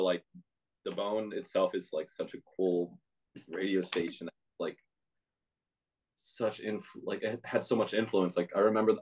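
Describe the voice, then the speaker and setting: A young man with a very low voice chats in a loose, rambling way, leaning on "like" as he goes. He speaks as a band member in a relaxed interview. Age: young adult. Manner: rambling, full of "like". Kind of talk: casual chat.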